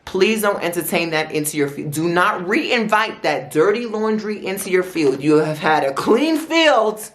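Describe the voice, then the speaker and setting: A woman voicing Spirit as a calm, firm guiding voice that pleads slowly and earnestly. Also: fairly low pitch, roomy sound. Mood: firm pleading.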